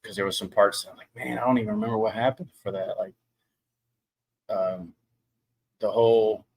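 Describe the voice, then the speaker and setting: A man's voice: fairly low pitch, steady tone, normal speed, slightly rough. A man co-hosting a podcast in casual chat, laid-back and hesitant, with frequent ums. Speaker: podcast co-host. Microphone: podcast mic.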